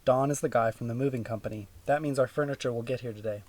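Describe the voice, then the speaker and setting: A man voicing a calm, gentle mother in an audiobook, speaking softly and steadily. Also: mid-range voice, fast talker, natural voice. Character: gentle worried mother, middle-aged woman.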